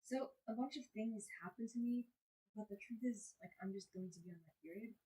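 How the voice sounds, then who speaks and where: Brisk and fairly high-pitched, this young woman's voice comes through a rough recording with slight background noise. On her live stream she softly sings along, and between lines she rambles, chats candidly, and swears casually.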